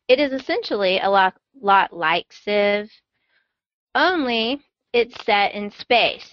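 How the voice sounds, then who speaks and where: A woman's voice: fairly low pitch, no room sound, muffled recording. A woman hosting a podcast in casual chat, playful and enthusiastic. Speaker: podcast host.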